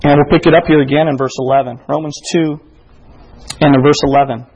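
Husky-voiced preacher, man. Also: a little high, fairly even intonation, a little fast, darkish tone, highs cut off. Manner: preaching with rising emphasis and quoted exchanges. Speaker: pastor. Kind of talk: sermon.

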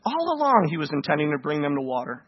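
A man preaching a sermon to a congregation, animated and asking them questions. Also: fairly high pitch, fast talker, husky, muffled recording. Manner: animated, asks the congregation questions, acts out voices.

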